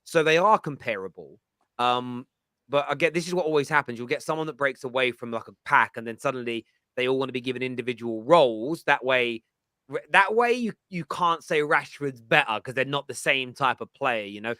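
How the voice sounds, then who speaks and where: A man hosting a casual football chat, teasing and animated. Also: mid-range voice, fairly quick, no room sound. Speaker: panel host.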